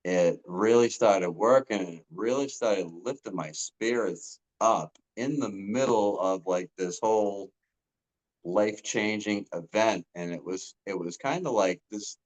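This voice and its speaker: Deep-voiced man, halting and earnest. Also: low-quality recording. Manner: earnest, halting, with frequent ums and restarts. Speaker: coaching client giving a testimonial. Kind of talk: casual testimonial talk.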